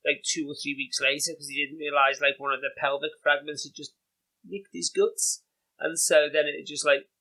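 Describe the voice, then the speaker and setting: A man with a Liverpool Scouse accent, a podcast guest telling animated, chatty stories with lots of "you know" and "like". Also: a little high, moderate pace, low-quality recording. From England. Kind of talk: casual anecdotal storytelling.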